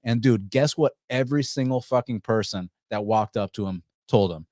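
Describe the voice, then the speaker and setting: Brief: male podcast host, low voice, rambling casual fight talk, dry close mic. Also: normal speed, darkish tone, no room sound. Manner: rambling, profane, with many restarts.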